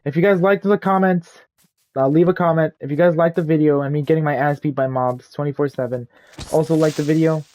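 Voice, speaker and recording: A man's voice: fairly high pitch, steady tone, fairly quick, darkish tone. A young man telling a rambling, profane, self-deprecating story casually while playing a game. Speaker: gaming YouTuber. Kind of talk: casual storytime over gameplay.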